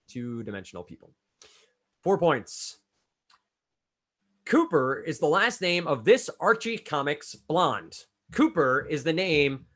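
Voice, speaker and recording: A man hosting a trivia game, reading clues briskly and calling on players by name. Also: medium pitch, a bit bright. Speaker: trivia quizmaster.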